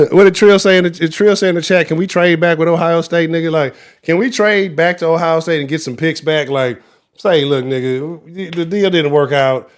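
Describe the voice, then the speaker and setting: Brief: Houston-accented male sports show host, higher voice, angry profane livestream rant. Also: moderate pace. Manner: angry, profane, animated ranting.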